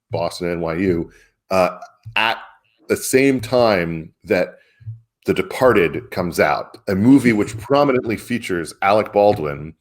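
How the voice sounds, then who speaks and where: A man co-hosting a casual political chat, talking emphatically with incredulous, chuckling asides. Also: low-pitched. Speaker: publisher and co-host.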